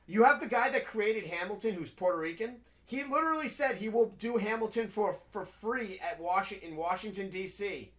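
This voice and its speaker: A man's voice: high voice, expressive, moderate pace, hardly any pauses, fairly bright tone. A man playing a video game and chatting casually, rambling and frank, with frequent swearing. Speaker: gaming streamer. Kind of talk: casual commentary while playing.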